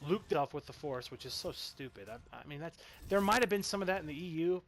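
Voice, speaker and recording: A man's voice: fairly high pitch, lively intonation, a little fast, a little hiss or hum. A man in his thirties giving a casual spoken movie review, rambling and exasperated and swearing freely. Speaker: film reviewer.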